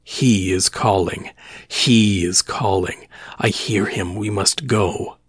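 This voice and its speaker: A man's voice: on the low side, little pitch movement, measured pace, dry recording, clean studio sound. A man voicing a frenzied young ship's officer gone mad, pleading with urgency. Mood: urgent pleading.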